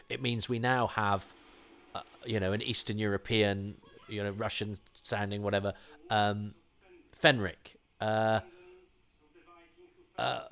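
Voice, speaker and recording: A middle-aged man with a fairly low voice holds forth in a casual podcast chat. He rambles enthusiastically and keeps restarting his sentences as he thinks aloud. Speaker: podcast host. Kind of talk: casual conversational commentary.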